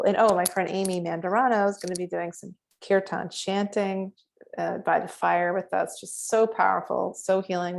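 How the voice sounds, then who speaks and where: Chatty gravelly woman addressing viewers. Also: mid-range voice. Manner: chatty, with fillers and quick bursts. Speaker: meditation guide and author. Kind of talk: casual chat to viewers.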